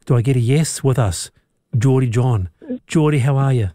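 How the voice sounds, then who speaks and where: A man hosting a radio talk show, lively and quick to laugh, speaking into a studio mic. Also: mid-range voice, no echo. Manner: lively, laughing, repeats words. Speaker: radio host.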